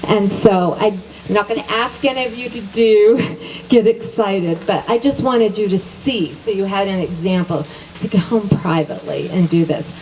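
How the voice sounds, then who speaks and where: A woman's voice: mid-range voice, normal speed, darkish tone. A middle-aged woman teaching a class, leading spoken affirmations and repeating each phrase twice in an upbeat way, laughing often. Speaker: wellness teacher. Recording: voice from a distance with faint background noise.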